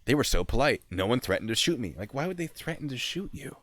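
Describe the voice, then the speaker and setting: A young man, a sergeant hosting a casual chat, telling stories in an animated way. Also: mid-range voice, fast talker, no room sound. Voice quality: animated, shouts in retold scenes. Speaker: host, army sergeant.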